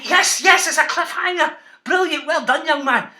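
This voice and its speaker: A Scottish man, a children's author, reading and teaching to schoolchildren in an animated, playful, teasing way. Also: very high-pitched, normal speed.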